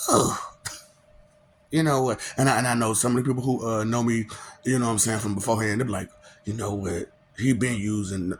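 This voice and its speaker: A man talking to the camera in a casual, preachy monologue, full of rhetorical questions and little chuckles. His voice is gravelly and sits a bit high. It swings widely up and down, and a faint hiss runs behind it. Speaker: vlogger.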